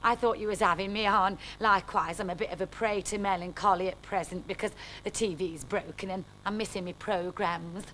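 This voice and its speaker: A woman voicing a surly, oily working-class barman who talks gruffly and drops his grammar. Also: medium pitch, fairly even intonation, brisk, hardly any pauses, sharp tone, slight background noise, natural voice, low-quality recording.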